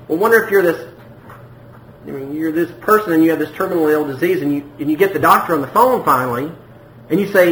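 A man preaching a sermon to his congregation in a conversational way, often repeating himself, climbing to emphatic peaks and dropping low. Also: expressive, fairly quick, fairly bright tone. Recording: echoey room with faint background noise.

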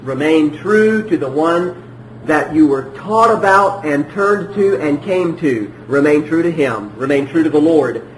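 A man preaches a sermon in a high, lively voice that leaps up and down, repeating himself for emphasis. He moves from loud declarations to hushed asides, and the room rings with echo over a faint background hum. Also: measured pace.

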